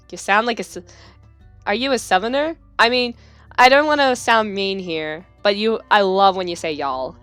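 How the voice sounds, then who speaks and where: A woman hosting a casual gameplay commentary, chatty and excitable in her reactions. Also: mid-range voice, normal speed, dry recording, faint music behind. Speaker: gaming channel host.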